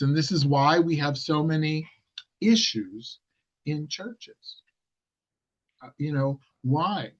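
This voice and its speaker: A man's voice: on the high side, lo-fi sound. A man giving an informal, conversational sermon, often correcting himself mid-sentence and laughing at his own asides. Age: older. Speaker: preacher.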